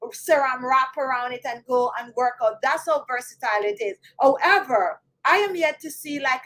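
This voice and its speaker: A woman with a Jamaican accent talking casually to her viewers, chatty and animated, often speaking to them directly. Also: high voice, low-quality recording. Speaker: beauty channel host. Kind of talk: casual talk to camera.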